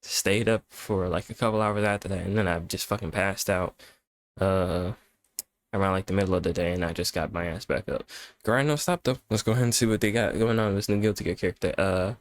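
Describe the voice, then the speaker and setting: Young male reaction host, lower voice, rambling laid-back commentary, worn out. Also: fairly even intonation, fairly quick, no room sound. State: tired. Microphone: webcam setup at home.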